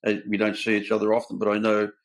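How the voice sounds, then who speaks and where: A man's voice: lowish voice, monotone, quick pace. An older man with an Australian accent, hosting a candid talk and telling his own story in an earnest, blunt way. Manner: earnest, blunt, tells stories with quoted dialogue. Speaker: host sharing his own recovery story. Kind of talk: candid conversation.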